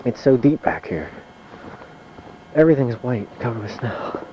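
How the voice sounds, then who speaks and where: A man narrates his own home video in a chatty, wry way and curses mildly as he goes. His voice sits at a medium pitch and has a mellow tone. It is recorded on a handheld camcorder outdoors in deep mountain snow. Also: moderate pace, a little hiss or hum, poor audio. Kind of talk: casual narration while filming.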